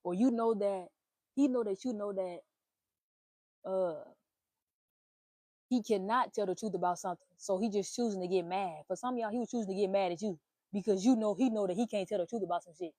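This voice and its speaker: Animated, blunt woman with a mellow voice. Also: mid-range voice, fairly quick, pauses often, dry recording. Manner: animated, swearing, playful exclamations. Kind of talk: casual spiritual reading monologue.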